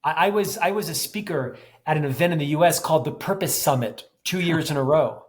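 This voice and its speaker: A man in his fifties from the United States, guesting on a podcast interview, speaks fairly quickly in a slightly high voice. He talks intensely and animatedly, with self-deprecating humor.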